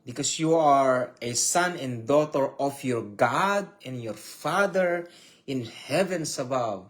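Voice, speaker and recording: A man teaching an online Bible study, speaking with slow emotion and reading scripture with drawn-out emphasis. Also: medium pitch, expressive.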